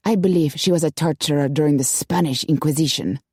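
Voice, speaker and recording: A woman voicing a stern, pious noblewoman in a low, solemn, grave tone. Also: a little fast, a little mellow, slightly rough, no echo, clean studio sound.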